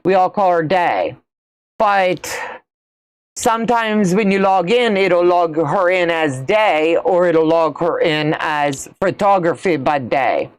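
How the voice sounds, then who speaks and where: Middle-aged woman, folksy livestream host, lowish voice, unhurried delivery. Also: clear, resonant tone. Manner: chatty, folksy, reads out and answers viewer comments. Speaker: quilting channel host. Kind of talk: casual livestream chat.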